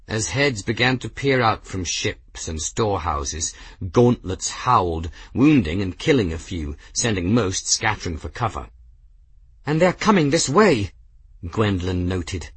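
A man reading fiction as an audiobook narrator, in a steady, measured scripted narration. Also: low voice, slightly rough, no echo.

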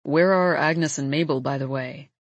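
A woman puts on a frail, dying father for this audiobook, his voice croaky and tired. She drops her voice well below her usual reading tone. The sound is dry and close. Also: low voice, normal speed, no room sound, highs cut off, voice pushed down. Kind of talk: audiobook character voice.

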